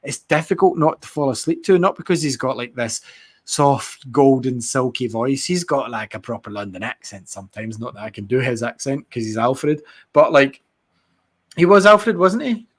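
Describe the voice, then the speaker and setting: A man co-hosting a podcast, chatting casually in an excitable, sweary and rambling way. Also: medium pitch, moderate pace. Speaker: podcast co-host. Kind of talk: casual chat.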